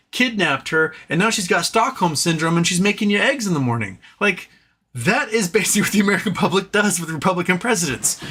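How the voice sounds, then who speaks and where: His voice is high and a bit bright as he rants on his political livestream. Exasperated and sarcastic, he swears, mocks his opponents in put-on quotes, and stumbles through fillers and repeated restarts.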